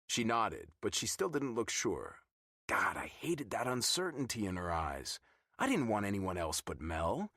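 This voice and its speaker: Male audiobook reader, wry and teasing, low voice with a lively lilt. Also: a little slow, no room sound, studio quality. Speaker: audiobook narrator. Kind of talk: scripted first-person narration.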